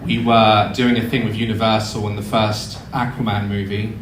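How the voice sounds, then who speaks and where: A man in his thirties telling sweary, animated comic stories to a live audience in a theatre. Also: lowish voice, moderate pace. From United Kingdom. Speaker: YouTuber on stage. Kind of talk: live comedy storytelling. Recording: echoey hall with crowd noise.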